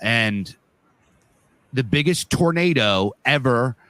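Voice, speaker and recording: A man from the northeastern US cohosts a podcast and tells a story casually. His voice is bright and forward, and the sound is close and dry. He rambles vividly, with plenty of fillers and swearing. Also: medium pitch, expressive, slow pace, smooth, dry recording. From northeastern US, Pennsylvania. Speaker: podcast co-host.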